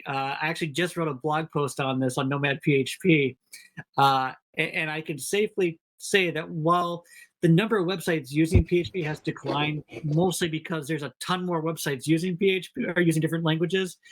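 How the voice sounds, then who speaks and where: A man's voice: on the high side, fairly bright tone. Joking man with a Minnesota accent. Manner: self-deprecating, joking, rambling. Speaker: podcast co-host. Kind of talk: casual podcast chat.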